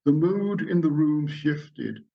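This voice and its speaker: A man's voice: fairly high pitch, animated, slow pace, vocal fry. A middle-aged man giving a lecture, telling anecdotes and reading passages aloud. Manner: storytelling, reads passages aloud. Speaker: lecturer at a society lodge. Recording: dull lo-fi recording.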